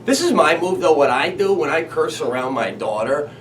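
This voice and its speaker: A man hosting a comedy show, telling stories with animated, acted-out quotes. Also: on the high side, moderate pace, a little hiss or hum. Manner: animated storytelling, acts out quoted voices. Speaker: comedian host. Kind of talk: comedic monologue. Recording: slightly distant mic, faint ambience.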